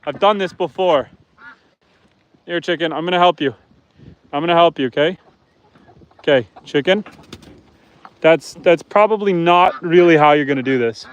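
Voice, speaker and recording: This man's voice sits a little high and smooth, moving at a moderate pace with frequent pauses. He's a homestead livestream host chatting casually with viewers outdoors on his farm, talking to his pigs, goats and chickens too.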